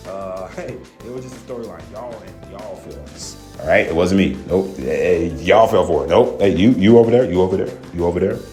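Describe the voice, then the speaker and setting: A man's voice: low-pitched, lively intonation, a little fast, hardly any pauses, warm tone, reverberant, faint music behind. A man doing a sarcastic impression of a sulking announcer who insists he never cried, taunting listeners that they fell for it. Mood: mocking. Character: mocking impression of a pouting announcer denying he cried.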